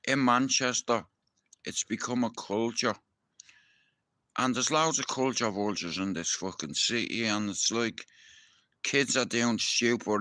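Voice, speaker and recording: A man's voice: mid-range voice, bright, forceful tone, dry recording. A young Irish man ranting to his viewers in a heated, profane live-stream monologue. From Ireland.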